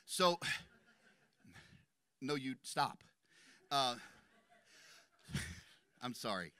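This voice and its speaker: A man preaching a sermon in a church, impassioned and building to shouts, racing through some phrases and slowing on others for emphasis. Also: medium pitch, big pitch swings, smooth. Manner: impassioned, rising to shouts at climaxes; rapid bursts of speech between slower emphatic phrases. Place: church sanctuary.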